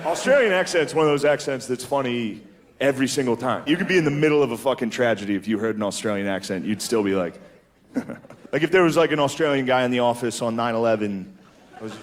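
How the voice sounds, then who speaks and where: A man's voice: mid-range voice, fast talker. A man doing a stand-up comedy set, laid-back and profane, tossing in "dude" constantly. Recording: live club recording with crowd laughter and noise.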